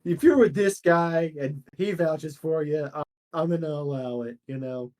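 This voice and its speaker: A man voicing a big, laid-back male minotaur guard who talks in lazy slang and gets defensive fast. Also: on the high side, darkish tone, lightly acted. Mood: casual.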